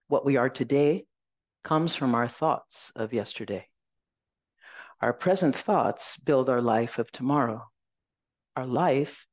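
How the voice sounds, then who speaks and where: A woman Zen teacher giving a dharma talk, reflective and gentle, telling a personal story and reciting verses slowly. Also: extremely low pitch, no echo.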